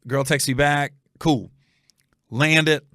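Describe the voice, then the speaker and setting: A man's voice: on the high side, slow pace, no echo, clean studio sound. A man in his forties, a comedian hosting his show, telling a story casually and profanely, acting out every voice. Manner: animated, profane, acts out every voice. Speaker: comedian host.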